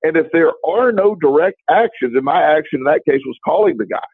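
A man's voice: fairly high pitch, lively intonation, a little fast, husky, no echo. A man co-hosting a talk show, telling a long story in a casual, rambling way, with many restarts and quoted dialogue. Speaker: podcast co-host. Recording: dry, tinny phone-like line.

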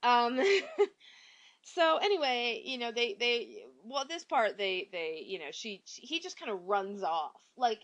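A woman's voice: on the high side, animated, unhurried, a bit bright. A woman hosting a podcast, chatting casually and rambling with many fillers and restarts, acting out quoted lines in exaggerated voices. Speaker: podcast host. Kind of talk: casual solo movie chat.

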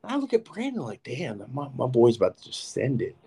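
Animated, swearing young man telling a story. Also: medium pitch, brisk, breathy edge. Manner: animated, profane storytelling with lots of "like". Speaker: podcast co-host. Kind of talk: casual storytelling chat.

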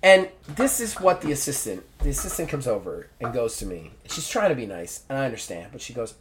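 Male podcast host, casual storyteller, acts out dialogue with a swooping pitch. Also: fast talker, hardly any pauses, a little hiss or hum. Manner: animated storyteller acting out dialogue. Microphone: podcast mic.

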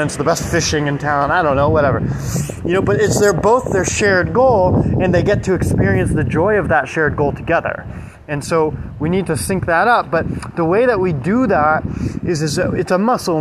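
A man's voice: a little high, slight background noise, low-quality recording. A man giving a casual motivational talk, rambling with many fillers and asking "right?" again and again. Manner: rambling, filler-heavy, keeps checking with "right?". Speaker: self-help speaker.

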